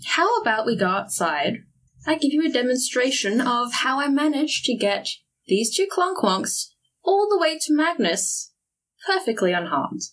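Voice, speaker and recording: A woman's voice: high voice, very animated, unhurried, fairly bright tone, low-quality recording. A woman playing a tabletop role-playing game, switching between narrating her character and sly, playful haggling. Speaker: player.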